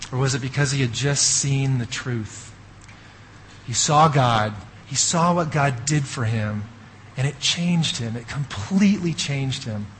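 A man preaching a sermon as a pastor, telling an animated story with asides to the audience. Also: medium pitch, a little hiss or hum, rough recording.

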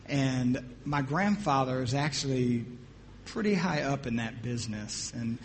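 A middle-aged man from New Jersey delivers a sermon at a medium pitch and an unhurried pace. He shares his personal testimony as an animated, humorous story, with slight noise in the background.

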